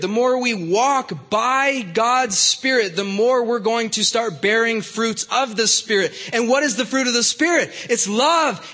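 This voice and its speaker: In a large hall, a youth pastor with a very high, bright, forceful voice preaches to young listeners. The talk is casual and conversational, peppered with fillers and false starts.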